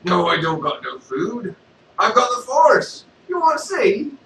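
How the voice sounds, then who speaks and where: A man doing a loud bragging Darth Vader. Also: sits high, big pitch swings, a little slow, gravelly, roomy sound, far from the mic, slight background noise, voice pushed up, heavily acted, rough recording. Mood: boastful. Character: boastful Darth Vader, a male half-robot space villain.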